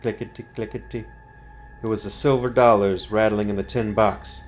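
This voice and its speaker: A man reading a scary story aloud, slow and building suspense. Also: on the low side, steady tone.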